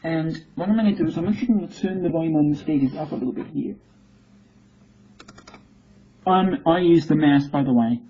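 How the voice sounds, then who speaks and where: A reviewer demonstrating software, explaining things step by step with many restarts. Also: medium pitch, fast talker, slightly rough. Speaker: product reviewer. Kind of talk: casual demonstration. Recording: dull home recording, faint hiss.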